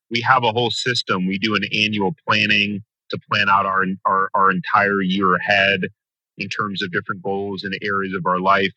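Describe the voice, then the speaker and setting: A man talking as a guest in a podcast interview, coaching franchise owners with an energetic, emphatic motivational delivery. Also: on the low side, no room sound, low-quality recording.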